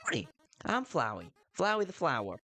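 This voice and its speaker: A man's voice: a little high, huge pitch swings, moderate pace, bright, forceful tone, voice pushed up, full character voice. A man voicing a falsely sweet evil talking flower from a video game, in a put-on Southern American accent, singsong and mocking. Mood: sugary. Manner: singsong, turning mocking and menacing.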